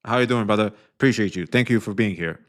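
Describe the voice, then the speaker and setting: A man streaming casual commentary on online drama, rambling and swearing with many fillers, his voice often trailing off quieter. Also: on the low side, fast.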